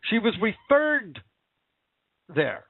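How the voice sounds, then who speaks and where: A man with a high voice delivers indignant, impassioned talk-show commentary, repeating himself for emphasis. The sound is dry and close, squeezed through a narrow, phone-like band. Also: sing-song, slow, gravelly, no echo. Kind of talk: casual political commentary. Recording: tinny phone-like line.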